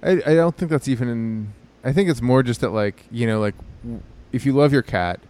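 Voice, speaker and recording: A man's voice: medium pitch, a little fast, a little mellow. A man co-hosting a podcast, chatting casually in a rambling, hesitant way full of restarts and fillers. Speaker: podcast co-host. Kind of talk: casual chat.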